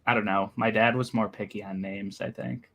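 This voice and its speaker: A man's voice: lowish voice, steady tone, normal speed, vocal fry, fairly bright tone, husky. A man joining a casual reading livestream over a video call, joking around and laughing at himself. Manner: jokey, rambling, laughs at himself.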